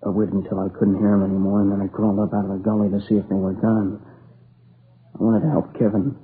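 A grieving young man, worn out and near tears, as an actor plays him, speaks haltingly in a lowish, flat voice. It is a 1950s radio crime drama, heard through a tinny old broadcast with faint hiss. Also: close to an everyday voice. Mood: shaken. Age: young adult. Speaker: robbery and murder witness.

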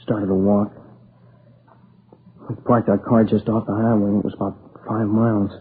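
An actor playing a grieving young man who tells, haltingly and in a subdued voice, how his friend was killed, in a radio drama. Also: fairly low pitch, level tone, lightly acted. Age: young adult. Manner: halting, subdued, plain-spoken. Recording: tinny lo-fi old radio recording with faint hiss.

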